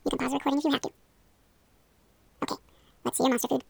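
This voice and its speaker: A woman's voice: high voice, little pitch movement, rapid-fire, creaky, darkish tone, slightly rough, no echo. A young woman leading a playful hypnosis role-play, coaxing and encouraging the listener. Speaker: hypnosis guide.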